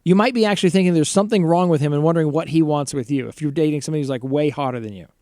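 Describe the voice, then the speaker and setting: A man's voice: a little high, rapid-fire, a little mellow, no echo, clean studio sound. A man co-hosting a live stream, teasing and chatting casually with many restarts. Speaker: co-host. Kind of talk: casual banter.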